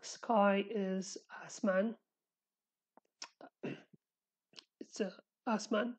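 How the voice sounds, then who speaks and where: A woman's voice: medium pitch, fairly even intonation. Kurdish-accented woman teaching vocabulary. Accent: Sulaymaniyah Kurdish. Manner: repeats words slowly, self-correcting, chatty asides. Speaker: language teacher. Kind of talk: casual vocabulary lesson.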